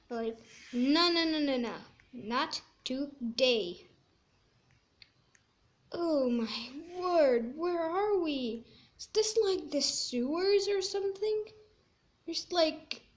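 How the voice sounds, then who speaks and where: A woman giving chatty gameplay commentary, squeamish and quick to exclaim in disgust. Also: high voice. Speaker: gaming video creator.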